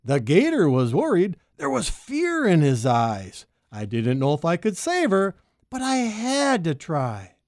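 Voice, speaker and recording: A woman reading a rhyming children's story aloud, expressive and sing-song. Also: unhurried, no room sound, studio quality. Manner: expressive, sing-song, big pitch leaps. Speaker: storybook reader.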